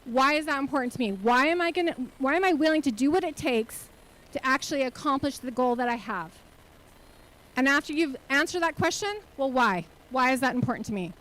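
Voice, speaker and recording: High-voiced woman giving a motivational keynote. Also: expressive, fairly quick, a bit bright, low-quality recording. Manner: earnest, rhetorical questions to the audience. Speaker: keynote speaker and nonprofit CEO. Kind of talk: motivational conference talk. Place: conference hall stage.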